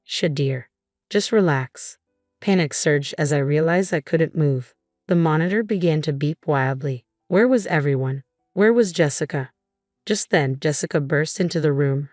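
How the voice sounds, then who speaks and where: A woman with a low voice reads a first-person story in an even, measured way. The recording is dry and close, and soft music runs underneath. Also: no room sound. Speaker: narrator.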